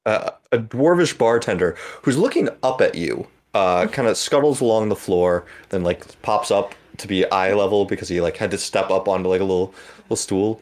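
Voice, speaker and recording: A man's voice: lowish voice, normal speed, a little mellow. A man narrating as game master in a tabletop role-play, casual and a bit hesitant.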